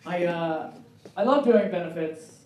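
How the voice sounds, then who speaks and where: A woman in her forties doing a stand-up comedy set, animated and acting out bits in high squealing voices. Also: a little slow, dull audio, slight background noise. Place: comedy club stage. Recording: roomy club with loud crowd laughter, from far off.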